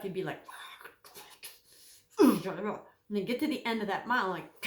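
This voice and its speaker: A woman teaching scripture in a chatty, animated way, her pitch swinging widely as she acts out quoted voices. The sound is roomy, with a clear echo around her voice. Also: normal speed. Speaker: Bible teacher. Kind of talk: casual Bible teaching talk.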